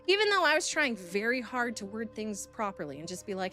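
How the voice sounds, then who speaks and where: A woman's voice: a little high, animated, a little fast, hardly any pauses, pushed and bright, soft background music. A woman streamer telling a story to her chat in a blunt, profane, heated way.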